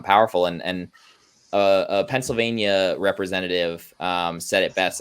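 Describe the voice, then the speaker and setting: A man with a deep, low-pitched voice speaks as a guest journalist. His tone is earnest and he explains things plainly in a conversational interview. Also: a bit bright.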